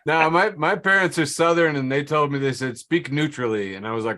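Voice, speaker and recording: Midwestern male comic, bright tone, deadpan self-mocking banter over a video call. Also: a little high, fairly quick. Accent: neutral Midwestern American. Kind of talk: casual banter.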